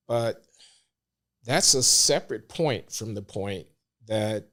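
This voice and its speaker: Older man, measured and emphatic. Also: mid-range voice. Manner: measured and deliberate, grows emphatic. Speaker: podcast guest. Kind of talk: interview conversation.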